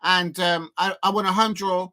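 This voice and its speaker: Excitable man reacting live, bright tone. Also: high voice, normal speed. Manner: excitable, swings from joking to despairing outbursts. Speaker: football fan channel host. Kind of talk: live watch-along reaction.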